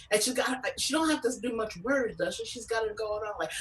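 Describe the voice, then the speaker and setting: Animated woman comic, distant mic. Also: brisk, hardly any pauses. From California. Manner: animated, acts out voices with big pitch jumps. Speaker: comedian. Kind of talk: stand-up storytelling.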